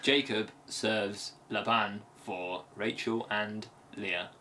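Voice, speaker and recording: A man co-hosting a casual podcast who reads Bible verses slowly and deliberately, laughing often between them. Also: lowish voice, steady tone, sharp tone, slight background noise. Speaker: podcast co-host reading scripture. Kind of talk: casual chat and slow Bible reading.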